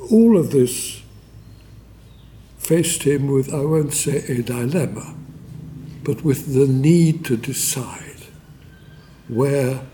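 A man giving a formal memorial lecture, measured and deliberate, with pauses and fillers and a dry scholarly wit. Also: mid-range voice, dark tone, slight background noise.

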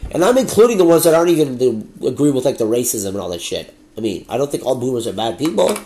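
A young Canadian man with a mid-range voice talks alone into the mic for his podcast. He gets heated fast and swears freely as he rants. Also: medium pitch, sing-song, dark tone, a little hiss or hum. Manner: heated, profane ranting. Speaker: podcast host. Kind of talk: solo podcast monologue.

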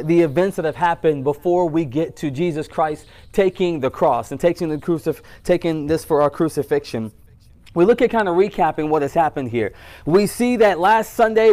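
A man's voice: high-pitched, darkish tone. A young man preaching a sermon, retelling scripture in a casual, slangy way. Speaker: pastor.

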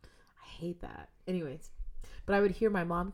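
A young woman sits in as a podcast guest, chatting casually and swearing freely. Her voice sits a little low. She swings between loud, animated bursts and hushed near-whispers. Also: fairly quick. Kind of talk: casual chat.

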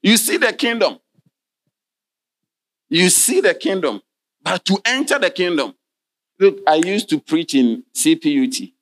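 A male pastor preaching in church, his voice sitting a little high for a man. He reads scripture in archaic King James wording and keeps calling "Hallelujah" and asking his listeners questions. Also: expressive, a little slow, pauses often, fairly bright tone. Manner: preaching, punctuated by frequent "Hallelujah" and direct questions to the congregation. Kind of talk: sermon.

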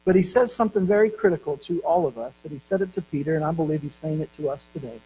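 A man preaching a sermon as pastor, telling stories and slowing down to stress key words. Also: fairly high pitch, dark tone, rough recording.

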